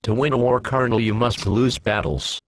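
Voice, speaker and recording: A man voicing a calm, stern Imperial brigadier who speaks in a measured, commanding way. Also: medium pitch, a little hiss or hum, close to an everyday voice. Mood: calm authority.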